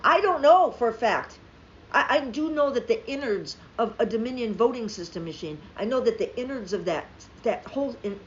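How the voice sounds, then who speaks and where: A woman's voice: on the high side, a bit bright. A woman delivering a heated, profane political rant as a commentator, hammering her points with emphasis. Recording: slightly dull lo-fi audio with faint noise.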